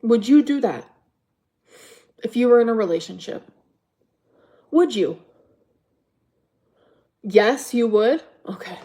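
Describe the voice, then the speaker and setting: A woman's voice: on the high side, animated, slow, pauses often, dark tone. Exasperated woman ranting at her viewers. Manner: defensive, exasperated, profane, repeats rhetorical questions. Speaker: livestream host. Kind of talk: ranting livestream chat to viewers.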